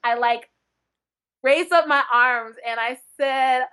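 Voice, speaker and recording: A young woman from North Dakota, a book blogger guest chatting casually in an interview. She tells stories with lots of energy and laughs often. Her voice is bright and sits fairly high. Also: slow pace, smooth.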